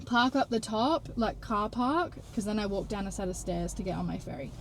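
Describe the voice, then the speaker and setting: A woman's voice: medium pitch, brisk, a little hiss or hum, low-quality recording. A young woman telling a story in casual chat, acting out the dialogue and swearing now and then. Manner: chatty, animated, acts out dialogue, swears casually. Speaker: vlogger. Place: in a parked car.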